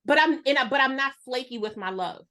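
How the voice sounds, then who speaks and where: A woman's voice: sits high, fairly quick. A woman in her forties chatting casually as a podcast guest, telling stories and acting out voices. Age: 40s. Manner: animated storyteller, acts out voices. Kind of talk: casual conversation.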